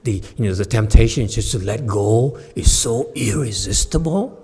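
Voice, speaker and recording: A man, a Buddhist master, giving a Dharma lecture as an animated, joking storyteller who acts out the people in his story. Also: lowish voice, moderate pace, husky, faint music behind. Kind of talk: sermon.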